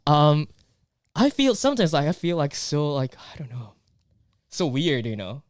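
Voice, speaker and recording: A man with a Japanese accent chats as a guest, searching for words and leaning on "you know." His voice is smooth and clean. The sound is dry, with no room echo. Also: fairly high pitch, very animated. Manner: halting, filler-heavy phrasing with many "you know"s. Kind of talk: casual chat.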